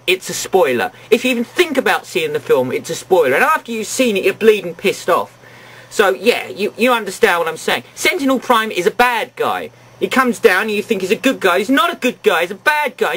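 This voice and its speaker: A man rants through a film review in a high, husky voice, full of exasperation and sarcasm. His pitch swings widely as he complains. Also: big pitch swings, a little fast, pushed and bright.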